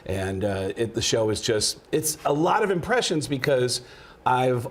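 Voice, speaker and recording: A man's voice: mid-range voice, slight background noise. A man, a comedian and impressionist from the Bronx, telling stories as a guest in a TV news studio. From the Bronx, New York. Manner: animated storyteller, slipping into quick impressions. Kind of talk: casual interview storytelling.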